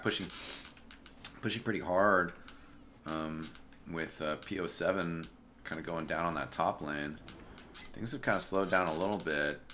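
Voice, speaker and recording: Deep bright-toned guy casting a game on stream, lots of ums, faint typing behind. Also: a little slow, long pauses, slight background noise. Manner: relaxed, chatty, filler-heavy, greets chat viewers. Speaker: esports caster and streamer. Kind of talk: casual solo game commentary.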